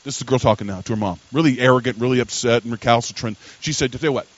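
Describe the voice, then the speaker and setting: An older man preaching a sermon as a pastor, telling a story and swinging from quiet asides to loud, emphatic peaks. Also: medium pitch, rapid-fire, no room sound, lo-fi sound.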